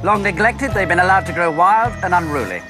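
An actor playing a smug, scheming politician who talks in pompous speeches. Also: male voice, sits high, animated, fairly quick, over music. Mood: speechifying. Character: smug, scheming male politician, middle-aged. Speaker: government minister. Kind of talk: film acting.

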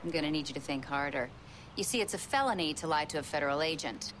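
A woman's voice: low-pitched, lively intonation, fast, slight background noise. An actress playing an awkward, bluffing female private investigator who talks with flustered hesitations and overconfidence. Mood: overconfident. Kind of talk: TV drama acting.

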